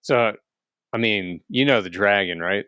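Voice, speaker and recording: A relaxed man co-hosting a casual podcast, laughing easily as he chats. His voice is on the low side. The sound is dry and close, with no room echo. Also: unhurried. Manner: laid-back, laughs easily. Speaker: podcast co-host.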